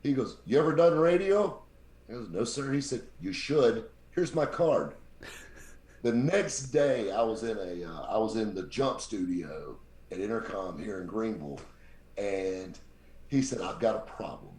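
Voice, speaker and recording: A man with a very deep voice, telling lively stories as a podcast guest and acting out the people he quotes. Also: unhurried. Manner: animated anecdote-teller, acts out quoted people. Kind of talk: casual storytelling. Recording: roomy echo.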